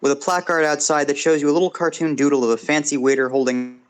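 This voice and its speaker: A man's voice: a little high, flat delivery, fast talker, smooth, poor audio. Wry man reading game narration. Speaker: let's play co-host reading narration. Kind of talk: reading game text aloud.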